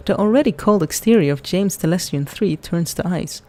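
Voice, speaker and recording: Woman gamer narrating a playthrough; mellow voice, dry wry asides. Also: fairly low pitch, lively intonation, moderate pace, hardly any pauses. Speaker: gamer reading game text aloud. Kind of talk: casual game playthrough.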